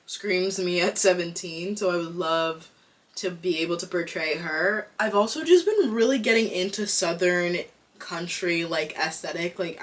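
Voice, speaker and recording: A young adult woman from Boston with a Boston accent, talking casually to camera as an actor vlogger, chatty and candid with lots of "like". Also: fairly low pitch. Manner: chatty, fills with "like", candid and excitable.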